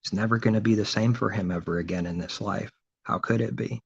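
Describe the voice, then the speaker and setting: A man's voice: fairly low pitch, steady tone, fairly quick, gravelly, breathy edge. A man delivering an informal sermon, asking and answering his own rhetorical questions, often with mocking sarcasm. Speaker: preacher. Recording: dull lo-fi recording.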